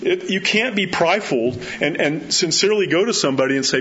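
A middle-aged man preaching a sermon in a conversational, animated way, swinging his voice high for emphasis and for quoted lines. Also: a little fast, few pauses. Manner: conversational, animated, acts out quotes with rising pitch. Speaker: pastor. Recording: slightly dull sound with faint background noise.

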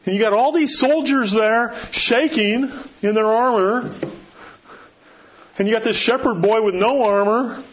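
A man's voice: extremely high pitch, unhurried, fairly bright tone. A man pastor preaching a sermon, emphatic and storytelling, repeating rhetorical questions. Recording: dull lo-fi recording.

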